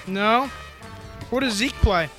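A man co-hosting a comic call-in radio show, teasing callers with quick comebacks. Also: high-pitched, over music. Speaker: radio co-host.

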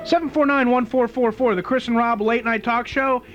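A man's voice: extremely high pitch, steady tone, normal speed, fairly bright tone, highs cut off, soft background music. A man co-hosting a late-night radio talk show, teasing callers and making announcements. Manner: laughing, teasing, plugging announcements.

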